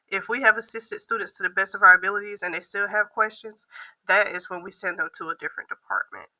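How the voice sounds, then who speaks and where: A woman who works as a university admissions processor, giving a prepared class video reflection with a hoarse voice. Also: mid-range voice, fast talker, bright, forceful tone, poor audio. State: hoarse from losing her voice.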